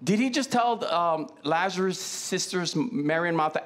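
Pastor, male; animated, very lively pitch, chatty Q-and-A preaching style. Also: moderate pace. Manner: conversational, asks the congregation many questions. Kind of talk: sermon. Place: church.

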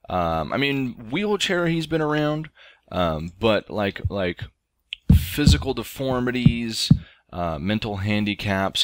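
Deep-voiced man rambling through a story. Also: no room sound. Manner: rambling, lots of ums and restarts. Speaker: let's play host. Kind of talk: casual storytelling over gameplay.

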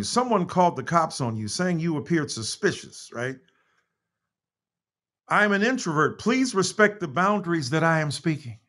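Brief: American man on a video call, husky voice, pitch swinging widely, emphatic reading. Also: a bit bright. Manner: impassioned, emphatic, apologetic asides. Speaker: guest author. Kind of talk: reading aloud in a virtual talk.

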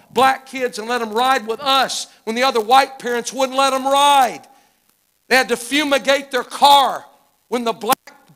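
A man's voice: very high-pitched, fairly bright tone. A man in his fifties from Arkansas with a Southern American accent, preaching a live church sermon in a fervent, folksy storytelling manner. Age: 50s. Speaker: guest preacher. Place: church sanctuary.

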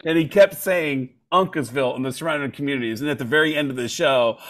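A man casually telling a story with animated delivery. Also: fast talker, hardly any pauses. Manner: animated, swings his pitch widely while telling a story.

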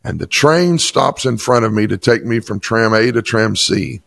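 Gravelly low-voiced pastor telling a story. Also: male voice, lively intonation, moderate pace, a bit bright, no room sound. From Chattanooga, Tennessee. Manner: emphatic storytelling testimony. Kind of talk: interview storytelling.

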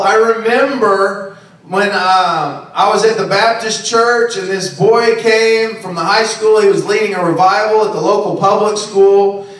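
Brief: male pastor, high voice, preaching loosely and conversationally, miked from afar in a very echoey room. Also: fairly bright tone. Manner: conversational preaching with frequent "okay?" and "right?". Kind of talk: sermon. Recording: very echoey, distant room recording.

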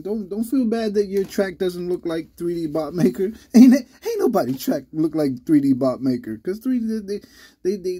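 A man hosting his channel in casual, rambling vlog talk, halting with many restarts, a little under the weather. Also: fairly high pitch, warm tone, slightly rough. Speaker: channel host.

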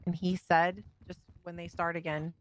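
A woman's voice: fairly low pitch, little pitch movement, normal speed, poor audio. A woman in character as a court official, firmly and reassuringly explaining a warning. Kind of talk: in-character role-play chat.

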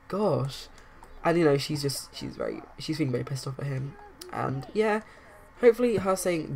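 A woman narrating her life-simulation game playthrough in rambling casual commentary, with bursts of excited outrage. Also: a bass voice, a little fast, creaky, husky. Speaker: let's play narrator.

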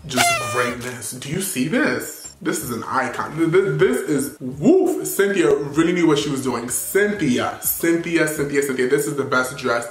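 Sassy gushing man, bright echoey voice. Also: medium pitch. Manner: sassy, animated, gushing with playful slang. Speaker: fashion commentator. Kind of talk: casual red carpet commentary.

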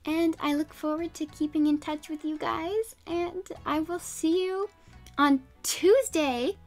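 A woman's voice: very high-pitched, fairly even intonation, a little slow, soft background music. A young woman streamer chatting casually and rambling, with frequent giggles and fillers. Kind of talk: casual live-stream chat.

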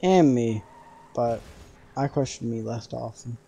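Young man, gameplay commentary, casual, joking, warm low-key tone. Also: a little slow, vocal fry, slightly rough. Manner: joking, talks to viewers, bursts of loud excitement. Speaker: gaming streamer.

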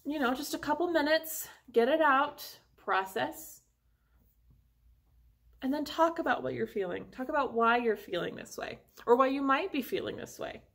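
A woman music teacher leading an online lesson for young children, talking slowly and encouragingly and singing short phrases with an instrument. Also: high voice, gravelly, fairly bright tone.

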